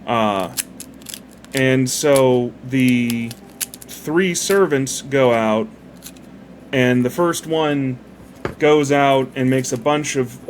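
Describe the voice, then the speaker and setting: Rambling, profane man at mid pitch. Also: a little hiss or hum. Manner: meandering, profane, easily distracted by the build. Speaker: model builder retelling a parable. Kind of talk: casual rambling chat while building.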